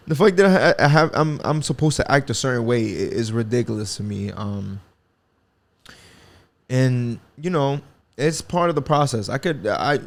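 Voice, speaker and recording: A young man from the Bronx with a New York accent, hosting a solo podcast in a profane, rambling, casual way with lots of restarts and slang. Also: mid-range voice. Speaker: podcast host.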